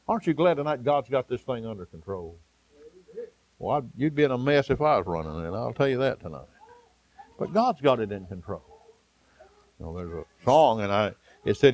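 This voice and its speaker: A man preaches an evening sermon in a rhythmic delivery that rises for emphasis and drops soft and low, with no echo.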